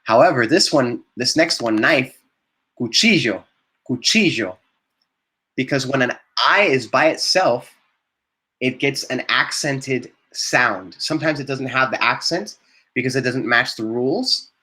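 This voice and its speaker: This is a man leading a live online Spanish class, with a clearly bright, forward-sounding voice. He models vocabulary, explains pronunciation, and keeps praising his students as he goes. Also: medium pitch, a little slow. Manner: encouraging, repeats words and praises students.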